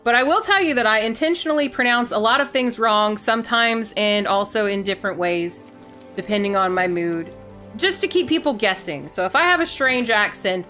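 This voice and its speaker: A playful woman chats with her viewers as she streams a game, silly and quick to giggle. Her voice is bright and fairly high, and it jumps lively up and down. Soft game music plays behind her. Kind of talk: casual gaming stream chat.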